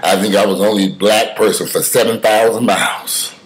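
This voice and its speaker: A man giving casual spoken commentary, telling stories with emphatic swings from loud outbursts to mutters, cursing freely. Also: lowish voice, steady tone, a little fast, a little hiss or hum, rough recording.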